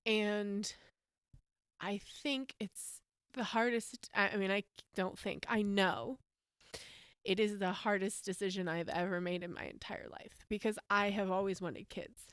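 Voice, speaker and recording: Woman in her 30s from the us rambling candidly about her life, smooth voice, dry close sound. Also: medium pitch, little pitch movement, moderate pace, a bit bright, dry recording. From United States. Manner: candid, rambling, emotional, with frequent fillers and laughs. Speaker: podcast host. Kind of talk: personal storytelling monologue.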